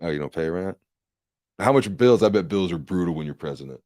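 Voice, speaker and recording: A man's voice: deep voice, lively intonation, brisk, darkish tone, no echo, clean studio sound. A man hosting a livestream, ranting in a rambling, profane and sarcastic casual way. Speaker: livestream host and candidate.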